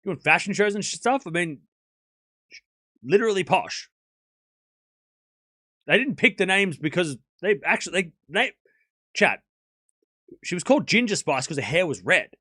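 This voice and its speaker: A man's voice: high-pitched, sing-song, moderate pace, long pauses, bright, forceful tone, no echo, studio quality. A man hosting a live tennis watchalong stream, mixing casual play-by-play with joking banter and frequent laughs. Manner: chatty, joking, laughs often, argues playfully with chat.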